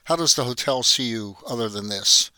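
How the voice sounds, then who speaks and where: Cold commanding boss man, as a narrator puts him on, curt, bright voice. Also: mid-range voice, normal speed, clear, resonant tone, dry recording. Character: cold, domineering male hotel boss.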